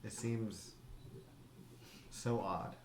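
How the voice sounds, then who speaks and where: A man voicing an earnest, courteous male knight in a tabletop game, speaking calmly and politely. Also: on the low side, extremely slow, reverberant, a little hiss or hum. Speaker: player.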